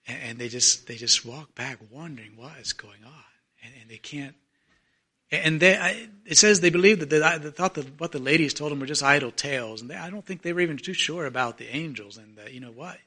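A man preaching a sermon, retelling a story with voices and swinging from loud to very soft. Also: a little high, a little fast. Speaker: pastor.

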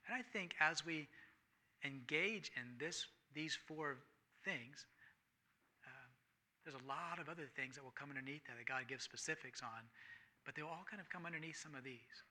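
A man preaching with a high, very bright and piercing voice. He swings from loud, emphatic passages down to hushed near-whispers. Scripture readings climb in fervor. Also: normal speed. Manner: reads scripture aloud with rising fervor. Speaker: pastor. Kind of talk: sermon.

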